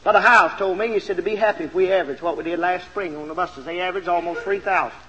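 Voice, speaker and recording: A man's voice: high-pitched, fast talker, bright, forceful tone, long reverb tail, dull audio, slight background noise. A man preaching a sermon, telling a story with lots of animation and then urging his listeners on, in a 1970s LP recording made in a church auditorium with a pulpit mic.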